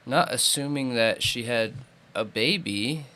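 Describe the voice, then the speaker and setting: A man's voice: medium pitch, unhurried, sharp tone. A man co-hosting a podcast, giving short reactions and opinions in casual chat. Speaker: podcast co-host.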